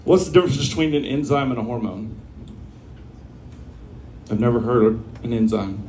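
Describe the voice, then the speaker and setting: A man's voice: mid-range voice, moderate pace, a little mellow, recorded from a distance, slight background noise. A man hosting a comedy night, telling bad jokes in a loose, chuckling way and acting out the people in them. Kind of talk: telling jokes at an open mic. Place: small bar venue with a live audience. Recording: roomy bar recording.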